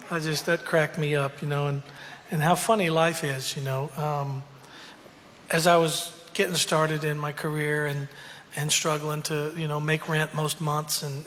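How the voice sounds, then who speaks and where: Man spinning a casual story, fairly high voice, rambling, reverberant hall with faint hum. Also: a bit bright. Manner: rambling, full of fillers, laughing asides. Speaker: country singer telling a story.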